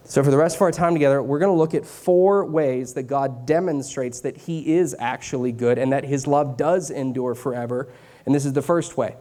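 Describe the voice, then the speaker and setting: A youth pastor in his late twenties delivers a relaxed, conversational sermon. His voice sits a little high and sounds mellow, and he repeats key lines for emphasis and slips in light joking asides. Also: fairly quick. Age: 20s. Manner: joking asides, drops into a mock Southern voice for church sayings.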